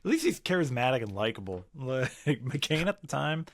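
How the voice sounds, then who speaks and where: A man's voice: medium pitch, sing-song, normal speed. A man co-hosting a comedy podcast in easygoing casual chat, laughing often. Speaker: podcast co-host.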